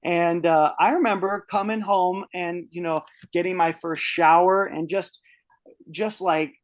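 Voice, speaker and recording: A man's voice: high-pitched, fairly even intonation, unhurried. A man in his early thirties telling a personal story on a podcast, casual and rambling, swearing freely with many restarts. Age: 30s. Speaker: podcast guest.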